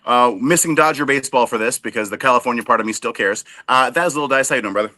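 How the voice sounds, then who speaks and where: A man's voice: mid-range voice, rapid-fire, bright, forceful tone, no echo. A man co-hosting a casual sports chat show, cracking jokes and poking fun at himself. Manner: wisecracking, self-deprecating. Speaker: podcast co-host.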